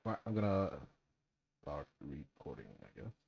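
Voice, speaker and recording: A man's voice: extremely low pitch, sing-song, normal speed, vocal fry, darkish tone, husky. A man who makes gaming videos, muttering to himself with jokes and lots of fillers as he checks his mic and then reads a casual script.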